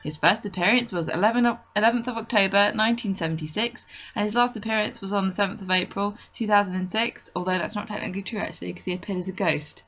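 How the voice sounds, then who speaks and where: A woman co-hosts a podcast in a chatty, casual way. She reads through a fact sheet briskly and drops in quick asides as she goes. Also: medium pitch, a bit bright, muffled recording. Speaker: podcast co-host. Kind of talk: casual chat.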